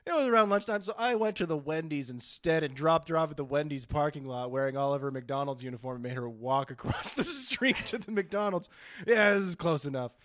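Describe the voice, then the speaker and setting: Laughing male podcast co-host, lively pitch. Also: a little fast, no echo, studio quality. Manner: joking, laughs often, crude humor. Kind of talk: casual comedic chat.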